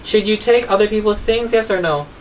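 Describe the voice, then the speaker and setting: A woman's voice: medium pitch, a little fast, distant mic, a little hiss or hum, poor audio. A woman teaching a child English phonics, telling a story and asking patient questions. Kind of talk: online phonics lesson for a child.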